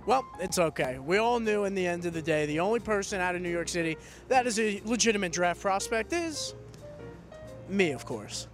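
A man doing street interviews, asking quick, playful questions of passersby. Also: high voice, faint music behind.

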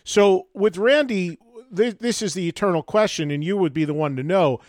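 A fairly high-pitched man hosts a podcast interview, asking brisk, direct questions. His voice is close and dry, with no room around it. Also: a little mellow, no echo. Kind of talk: casual interview.

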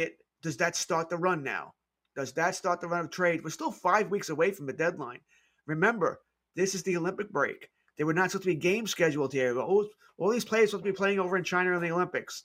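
Male sports radio co-host, slightly high voice, emphatic and opinionated. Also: a bit bright. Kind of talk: casual sports radio talk.

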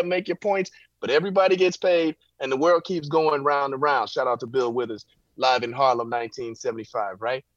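Impassioned high-voiced man, rhetorical. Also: fairly bright tone, no room sound, dull audio. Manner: emphatic, preacherly, rhetorical "right?" tags. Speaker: political commentator guest. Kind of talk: impassioned political commentary. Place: home, backyard visible.

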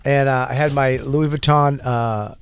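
A man in casual chat, telling a story with excitement, acting out shouted exchanges and laughing often. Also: medium pitch, a little slow, clean tone, no room sound. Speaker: podcast guest storyteller.

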